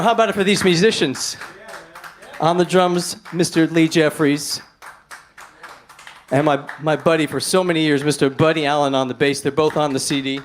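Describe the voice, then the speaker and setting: A middle-aged man with a New York accent, a musician chatting friendly and rambling between songs on a live stream. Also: mid-range voice. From New York City. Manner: rambling, friendly, with shout-outs and chuckles.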